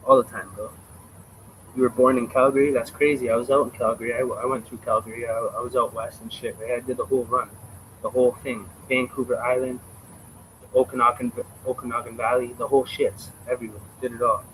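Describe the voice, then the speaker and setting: A young Canadian man with a Canadian accent chats casually on a livestream in a sharp-toned, medium-pitched voice. He's blunt, profane and emphatic, often calling the viewers "bro." The rough recording carries a little hiss or hum.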